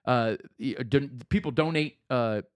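A man's voice: mid-range voice, measured pace, smooth. A middle-aged man chatting casually as a co-host, telling stories with lots of fillers and restarts. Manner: animated storytelling with many fillers. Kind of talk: casual chat.

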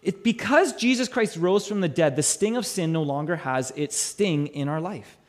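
A male pastor delivers a sermon in a high voice. He presses his points by repeating them, swells at his key lines and sinks to a hush on the grave ones. He often restarts with stammered repeats. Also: lively intonation, moderate pace. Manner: emphatic, repeats key phrases, voice swells and drops low for weight.

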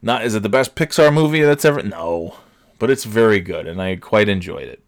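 A man's voice: fairly low pitch, lively intonation, brisk. A man in his forties hosting a casual solo talk show, ranting and swearing with sarcastic asides. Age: 40s. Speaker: podcast host.

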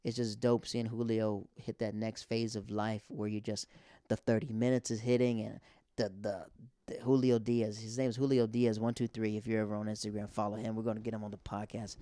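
A young man, a stand-up comic hosting a podcast, tells stories in a rambling, conversational, filler-heavy monologue. His low voice is mellow and smooth, fairly quick, with little pitch movement. The recording is studio quality with no room sound.

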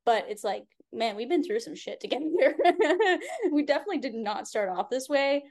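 Woman, slightly high voice, business coach, relaxed, candid, guest. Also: normal speed. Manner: relaxed, candid, frequent "like" fillers. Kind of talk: casual chat.

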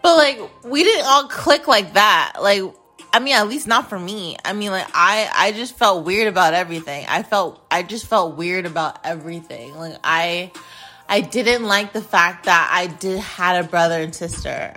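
A young woman of average pitch hosts her own podcast and tells a family story bluntly, swearing freely and filling her talk with "like" and "um." Faint music plays underneath. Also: moderate pace, bright, forceful tone. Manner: candid, profane, emotional, lots of filler words. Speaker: podcast host. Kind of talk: personal storytelling.

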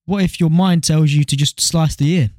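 Young male co-host, higher-pitched, crude animated storyteller, close dry mic. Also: moderate pace, no echo. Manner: swears freely, animated storytelling. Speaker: podcast co-host. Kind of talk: casual chat.

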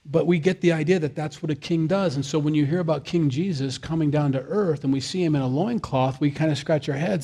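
A man's voice: fairly high pitch, quick pace, few pauses, mellow, slightly rough. A man, a father of young kids, preaching a sermon in a conversational way, with jokey asides and acted-out quotes. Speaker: pastor.

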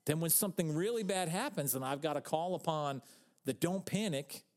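A man's voice: a little high, normal speed. A man, the pastor co-hosting a church podcast, chatting casually in a joking, rambling way and repeating himself as he goes.

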